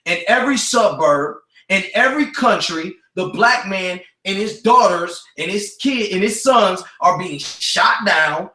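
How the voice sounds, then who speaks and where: A man hosting a radio show, preaching forcefully in street slang laced with scripture, repeating his points for emphasis. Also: high-pitched, expressive, a little slow, hardly any pauses, reverberant, distant mic, slight background noise, poor audio. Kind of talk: preaching talk radio commentary.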